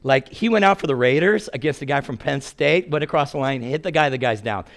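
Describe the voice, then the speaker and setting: A man's voice: medium pitch, animated, brisk. A man in his sixties preaching a sermon in a storytelling way, acting out quotes and laughing at his own stories.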